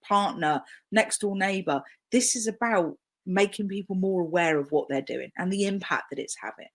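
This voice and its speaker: A woman with a British accent giving a live webinar training talk over a video call, chatty, self-deprecating and emphatic. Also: fairly low pitch. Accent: British English.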